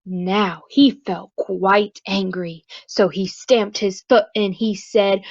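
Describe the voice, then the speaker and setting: A woman preschool teacher reading a storybook aloud to young children, slow and expressive, then asking soft, gentle questions. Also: medium pitch, no echo, highs cut off.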